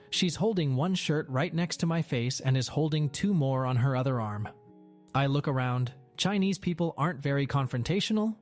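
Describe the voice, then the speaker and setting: A man's voice: mid-range voice, a little mellow. A young man reads an online story aloud in a sardonic, matter-of-fact way. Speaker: narrator.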